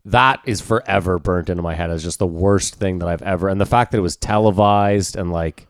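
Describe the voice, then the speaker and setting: Man, young, low voice, podcast co-host, swears a lot, animated storyteller, dry close sound. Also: a little fast, dry recording. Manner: profane, animated storytelling with acted-out quotes. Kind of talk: casual chat.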